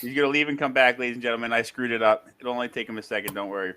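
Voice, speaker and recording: A man hosting a casual chat over a video call, chatty and quick to laugh at himself. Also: medium pitch, fairly even intonation, pushed and bright, slight background noise. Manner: chatty, laughs often, self-deprecating. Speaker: podcast host.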